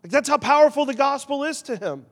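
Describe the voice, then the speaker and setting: A man preaching a sermon as pastor, animated, swinging between loud emphasis and quiet, confessional asides. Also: very high voice, quick pace, big-room sound.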